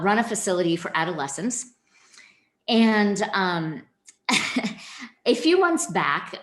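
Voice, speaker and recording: A woman's voice: medium pitch, a bit bright. A woman giving a keynote training presentation, speaking directly and animatedly to her audience. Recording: echoey room.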